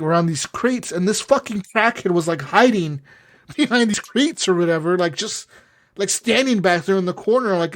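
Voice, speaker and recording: A young man co-hosting a casual gaming podcast, telling stories in an animated, profane way. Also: high-pitched. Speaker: podcast co-host.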